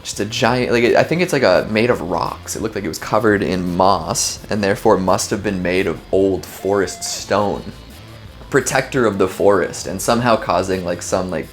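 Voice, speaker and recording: A man hosting a casual video, reacting to clips with lots of fillers and laughter. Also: sits low. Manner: chatty, laughs often, filler-heavy. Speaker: host.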